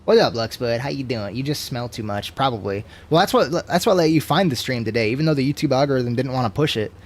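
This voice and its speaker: A man in his twenties chatting casually to his stream, tipsy, swearing a lot and swinging between loud rants and low mumbles. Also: animated, fast. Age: 20s. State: tipsy from drinking.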